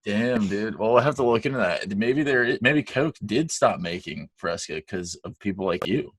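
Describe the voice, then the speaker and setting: A man co-hosting a casual podcast, telling animated stories with frequent laughs and swearing freely. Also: lowish voice, moderate pace, slightly rough, dry recording. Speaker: podcast co-host. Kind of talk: casual chat.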